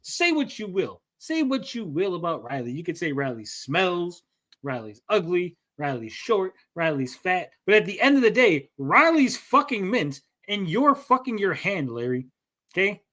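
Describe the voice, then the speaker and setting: A man hosting a live stream, ranting in casual banter and mocking people with quick impressions. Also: sits high, very animated, sharp tone. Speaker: stream host.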